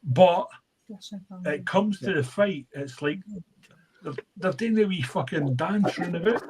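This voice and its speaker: A man's voice: high voice, lively intonation, measured pace. A man who is a regular on a live chat show, talking in a rowdy, sweary way and laughing often. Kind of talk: casual chat on a live stream. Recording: faint background noise.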